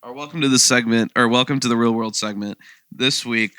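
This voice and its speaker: Young male co-host, bright and smooth, dry close sound, playful banter. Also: mid-range voice, brisk, no room sound. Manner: playful, breaks into snatches of song. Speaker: podcast co-host. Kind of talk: casual chat.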